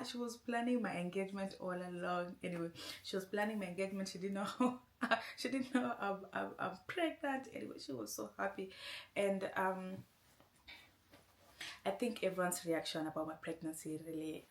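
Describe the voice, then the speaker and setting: A woman vlogger casually telling a long personal story, rambling and often saying "anyway". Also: medium pitch. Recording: roomy echo.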